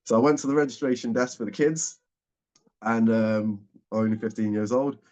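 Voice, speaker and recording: A man around forty, a guest speaker telling a personal story in a lively way and acting out what people said. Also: mid-range voice, moderate pace. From England. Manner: lively storyteller, acts out the dialogue. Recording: dull, muffled audio.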